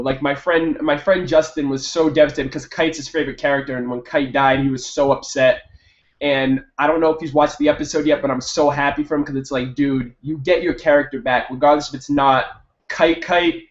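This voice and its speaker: Excitable young man reviewing anime. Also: on the high side. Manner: excitable, swears, jumps up loud when hyped. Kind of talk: excited casual review monologue. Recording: echoey room, dull lo-fi mic.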